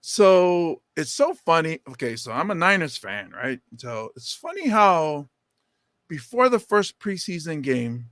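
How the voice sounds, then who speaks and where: Man, podcast co-host, animated storyteller, dry close sound, a bit high. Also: unhurried, no room sound. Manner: animated, jumps into high quoted voices. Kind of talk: casual chat, storytelling.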